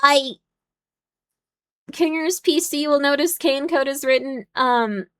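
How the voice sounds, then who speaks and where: Rambling young woman streamer, fairly high voice. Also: slow pace. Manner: rambling, many "like" and "um" fillers, gets loud and exasperated. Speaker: streamer hosting a watchalong. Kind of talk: casual live-stream chat.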